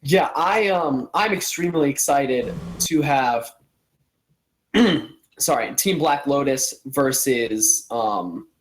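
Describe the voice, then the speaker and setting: A man's voice: medium pitch, slow, rough recording. A man hosting a casual live-streamed show, upbeat and eager as he hypes upcoming matchups. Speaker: show host.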